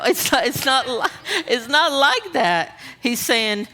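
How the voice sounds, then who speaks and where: Bright, lively woman preaching. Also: on the high side, takes it slowly, few pauses. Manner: animated, humorous, questions the audience. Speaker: women's conference speaker. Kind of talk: conversational sermon. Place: church auditorium.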